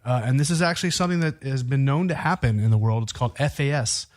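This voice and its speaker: A man's voice: medium pitch, lively intonation, fast talker. A man co-hosting a podcast from a studio, chatting casually in a brash, joking way and swearing freely. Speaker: podcast co-host.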